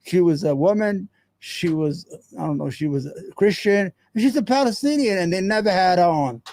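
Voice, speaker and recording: A man's voice: high voice, lively intonation, normal speed, darkish tone, no room sound. A man hosting a show, giving heated, profane, rambling commentary on a news clip. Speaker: show host.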